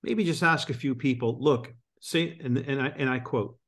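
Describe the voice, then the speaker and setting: A man's voice: medium pitch, moderate pace, hardly any pauses, fairly bright tone. A man coaching a sales team on a group call, driving his points home with emphatic, punchy delivery. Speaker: business coach. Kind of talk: motivational call talk.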